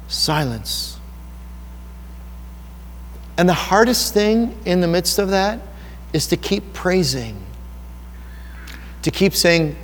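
A man's voice: sits high, unhurried, pauses often. A man preaching a sermon in an earnest, personal, conversational way, asking his listeners rhetorical questions. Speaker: pastor. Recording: long hall reverb.

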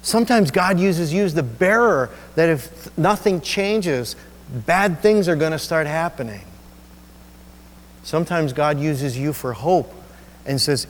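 A male pastor preaching a sermon, telling a personal story in an emotional, halting way with many restarts. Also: on the high side, in a large hall, a little hiss or hum. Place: church sanctuary.

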